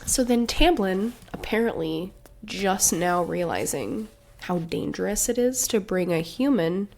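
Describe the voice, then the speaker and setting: Woman co-host, unhurried delivery, sarcastic and swearing, laughs a lot, casual book chat. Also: medium pitch, animated, gravelly, a little mellow. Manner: sarcastic, profane, laughing often. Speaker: podcast co-host.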